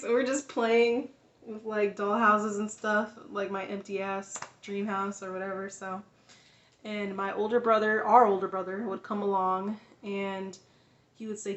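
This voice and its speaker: A woman's voice: medium pitch, steady tone, moderate pace, a bit bright, roomy sound. A woman vlogger telling a personal story in a casual, rambling way, full of fillers, restarts and frequent laughs.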